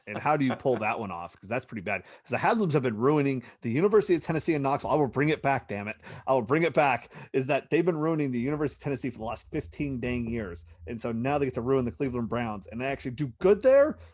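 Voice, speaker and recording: A man from California who talks as a guest on a podcast, with a lively voice that swings widely in pitch. He rambles and gets worked up in casual chat, swearing often. His voice sits at a middle pitch for a man. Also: fast, few pauses. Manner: excitable, rambling, swears and laughs a lot.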